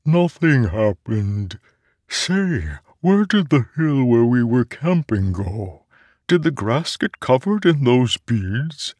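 A man's voice: medium pitch, sing-song, takes it slowly, darkish tone, no room sound, pitched above the performer's own voice. A male audiobook narrator voicing a cheerful, naive talking sword that is eager to fight, its voice sounding distorted, as if underwater. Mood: chirpy. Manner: childlike, chirpy, oblivious. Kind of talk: audiobook character voice.

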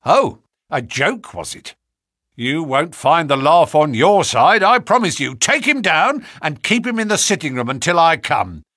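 A man voicing a brusque adult male police inspector who talks bluntly and gruffly. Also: a little high, big pitch swings, measured pace, a bit bright, no room sound, studio quality, pitched above the performer's own voice, heavily acted. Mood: angry.

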